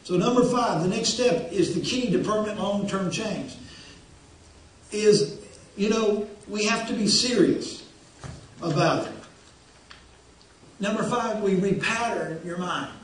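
A man's voice: high-pitched, a little slow, pauses often. A man preaching a sermon as pastor, folksy and repeating phrases for emphasis. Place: church sanctuary. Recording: very echoey church hall, distant.

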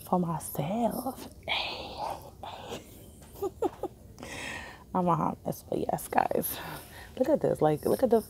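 A woman's voice: low voice, gravelly, dark tone, a little hiss or hum. A young woman chatting casually on a phone vlog in a hospital waiting area, rambling and laughing often. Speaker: vlogger. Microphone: phone camera held in hand.

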